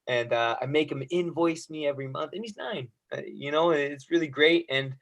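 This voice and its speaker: A man in his thirties, a kickboxing coach guest, telling stories in an energetic, laughing, loosely rambling way. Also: on the high side, normal speed, gravelly. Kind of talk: casual interview chat.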